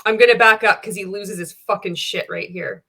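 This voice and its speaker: Woman host, reaction commentary, bright tense tone, blunt and profane. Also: mid-range voice, fairly even intonation, normal speed, creaky. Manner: candid, profane, wry, laughs often. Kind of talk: casual commentary reacting to a clip.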